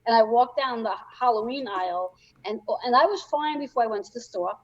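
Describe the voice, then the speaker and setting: A woman's voice: on the high side, a little fast, dry recording, highs cut off. A woman co-hosting a casual chat show, telling stories animatedly and quoting herself. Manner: animated storyteller, quotes herself. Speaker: podcast co-host.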